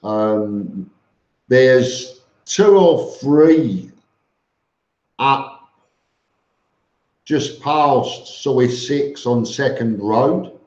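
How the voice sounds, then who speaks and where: Slow-talking man on a live stream. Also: mid-range voice, lively intonation, darkish tone. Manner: reads out viewer comments, answers with fillers and restarts; blunt and matter-of-fact, says "mate". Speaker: vlogger answering live chat. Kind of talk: casual live-stream chat. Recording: roomy, dull lo-fi stream audio.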